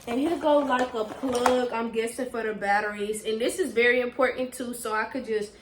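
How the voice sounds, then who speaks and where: A woman's voice: a little high, normal speed, reverberant, noisy background. A young woman gushing her way through a casual unboxing vlog, talking straight to her viewers. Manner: gushing, excitable, talks straight to viewers with "y'all". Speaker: vlogger.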